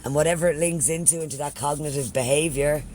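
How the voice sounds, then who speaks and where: A man's voice: fairly high pitch, fast, darkish tone, slight background noise. An Irish man chatting casually on a live stream, swearing freely and thanking followers by name. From Ireland.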